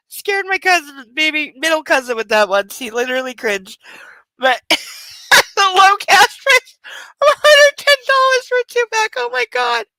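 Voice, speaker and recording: A woman hosting a book club livestream, chatting casually and reading aloud, giggling and exclaiming in loud reactions. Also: very high voice, sing-song, a little slow, no echo, low-quality recording.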